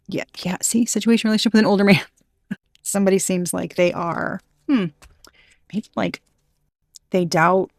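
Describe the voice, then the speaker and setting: A woman's voice: fairly low pitch, creaky, darkish tone, no room sound, studio quality. A woman giving an intuitive tarot reading, thinking aloud in a rambling, hesitant way with many restarts and a playful streak. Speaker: tarot reader.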